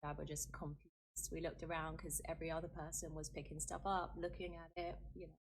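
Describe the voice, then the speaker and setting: A woman's voice: sits low, little pitch movement, brisk, a little hiss or hum. A woman telling her own experience in an interview, earnest, with fillers and rising intensity, from an archived clip. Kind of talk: personal account in an interview.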